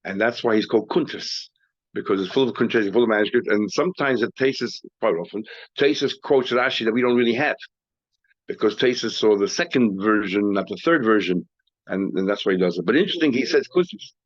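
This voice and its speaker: A man's voice: fairly low pitch, lively intonation, fairly quick, no room sound. A man teaching a class as a rabbi, explaining a text with frequent restarts and repeated words, recorded dry and dull.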